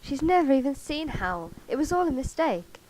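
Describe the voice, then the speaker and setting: An excited, lovestruck young man gushes out his relief, as a woman reads him aloud. His voice rises and gets louder than her usual reading voice. A faint hiss sits under a cheap karaoke-mic recording. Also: sits high, moderate pace, voice pushed up, poor audio. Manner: excited, gushing.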